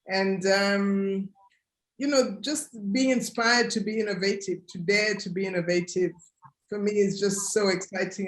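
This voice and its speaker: A woman's voice: mid-range voice, roomy sound. A woman cocoa grower answering earnestly on a webinar panel over a video call, thinking aloud as she goes.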